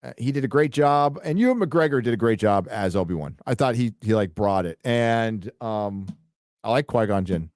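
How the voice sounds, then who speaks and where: A middle-aged man hosting a casual late-night livestream, rambling, swearing and excitedly reading viewer donations aloud. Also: mid-range voice, moderate pace, no room sound, clean studio sound. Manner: rambling, profane, excitable, reads donor messages aloud. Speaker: livestream host reading super chats.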